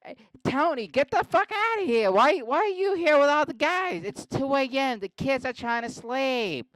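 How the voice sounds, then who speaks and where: A man putting on the voice of an angry working-class wife, loudly yelling in a mock Boston accent. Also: very high-pitched, lively intonation, normal speed, voice pushed up, poor audio. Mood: scolding.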